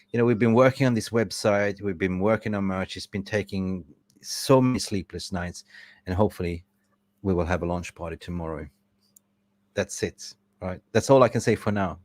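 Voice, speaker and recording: A man's voice: medium pitch, no room sound. A young man hosting a fan podcast livestream, effusively thanking supporters by name and stumbling over names. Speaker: podcast host.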